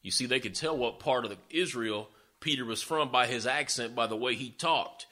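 A man's voice: mid-range voice, moderate pace, pushed and bright. A man preaching a sermon, retelling scripture in a folksy, conversational way with sarcastic asides. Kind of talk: sermon storytelling.

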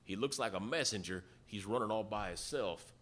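A man's voice: fairly low pitch, normal speed, a bit bright. A man voicing a watchman on a city wall who calls out news of runners to the king. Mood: calling out.

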